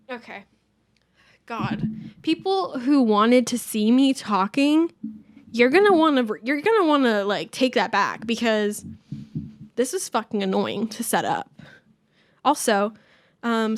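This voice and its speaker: Out of breath, a young adult podcast host rambles through a casual solo episode, putting herself down and cursing freely. Her medium-pitched voice is smooth, and though captured on a camera mic, it sounds clean and studio-like with no room sound.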